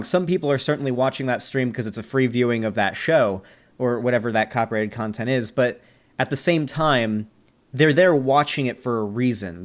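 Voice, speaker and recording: A man hosting his channel, giving loose, animated commentary on a debate clip and swearing now and then. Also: medium pitch. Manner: animated, swearing, quick asides. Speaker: debate reviewer, channel host. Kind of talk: casual commentary.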